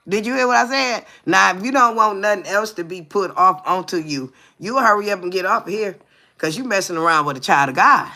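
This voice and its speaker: A woman's voice: mid-range voice, fairly quick, bright, forceful tone. A woman in her forties co-hosting a live talk show, telling profane, brash stories and constantly asking her listeners whether they hear her. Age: 40s. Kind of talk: casual live chat.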